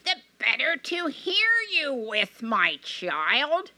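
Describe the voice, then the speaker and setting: Woman doing a scheming fairy-tale wolf in grandma disguise: slow, creeping, high and lively. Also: no echo, full character voice. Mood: sly. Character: big bad male wolf disguised as grandmother.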